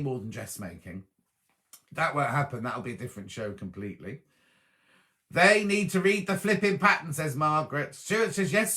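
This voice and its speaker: Chatty guy doing a live stream, reads comments out and answers, bright forward voice, a bit high. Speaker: host reading live chat. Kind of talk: casual live-stream chat.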